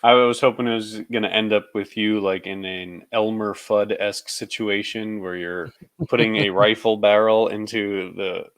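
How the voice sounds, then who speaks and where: A man's voice: fairly low pitch, steady tone, moderate pace, fairly bright tone, smooth, dry recording. A man co-hosting a casual podcast chat, joking and teasing his co-host.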